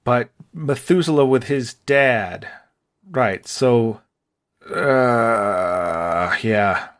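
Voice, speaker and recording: A man's voice: mid-range voice, extremely slow, a bit bright. A man co-hosting a podcast in casual chat, rambling and thinking aloud with restarts. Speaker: podcast co-host.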